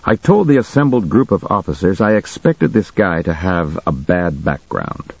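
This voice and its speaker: Male narrator, deep and husky, dry close sound, measured first-person read. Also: animated, dry recording, poor audio.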